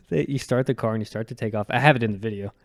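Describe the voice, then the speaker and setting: A man's voice: medium pitch, quick pace, dry recording, studio quality. A young man chatting casually as a podcast co-host, joking and laughing often. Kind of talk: casual chat.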